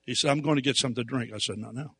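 A man preaching through a personal story, animated, dropping to quiet asides and rising to loud emphatic outbursts. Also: mid-range voice, racing, breathy edge. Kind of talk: storytelling sermon.

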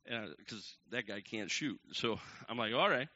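A man telling a long personal story to a crowd from the pulpit, acting out each quoted person with sudden jumps in pitch and loudness. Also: normal speed, dry recording. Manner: animated, acts out the quoted people with big jumps in pitch and loudness. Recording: dull lo-fi recording.

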